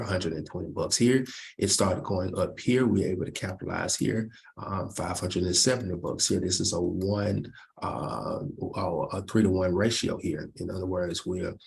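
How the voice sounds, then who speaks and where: A man's voice: low voice, vocal fry, a little mellow. A man leading a trading lesson over his charts, asking rhetorical questions and answering them himself. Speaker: trading instructor. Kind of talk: screen-share market recap lesson.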